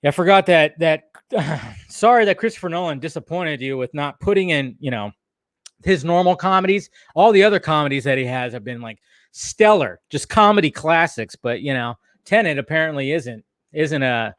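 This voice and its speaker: A man's voice: on the high side, expressive, normal speed, fairly bright tone, no room sound, studio quality. A man hosting a live stream, ranting heatedly and swearing often while a little tipsy from bourbon. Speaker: streamer host.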